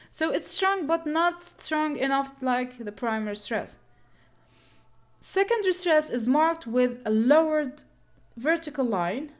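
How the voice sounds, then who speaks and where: Woman teacher w/ a high voice going slow over word stress, showing examples. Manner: explains slowly, demonstrates stress patterns. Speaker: pronunciation teacher. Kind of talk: online English lesson.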